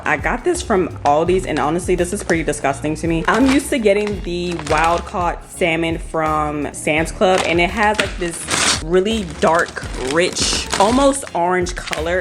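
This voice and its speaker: Woman, lifestyle vlogger, casual chat, low-pitched voice, relaxed, filler-heavy. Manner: chatty and relaxed, many "like" fillers.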